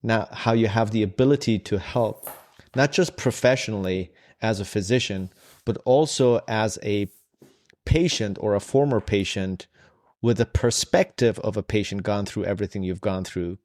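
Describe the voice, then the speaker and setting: A man's voice: fairly low pitch, normal speed, a little mellow. A man hosting an interview, asking long, winding questions full of restarts. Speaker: podcast host. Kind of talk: interview conversation.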